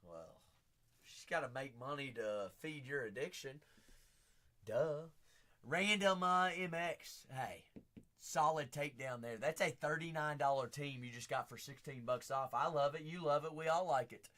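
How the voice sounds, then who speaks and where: Male live-stream card break host, standing, unhurried delivery, big swings into shouted hype. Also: a little high, animated. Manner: hype-driven, bursts into shouts; chatty, teasing viewers by name. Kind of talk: live-stream auction patter.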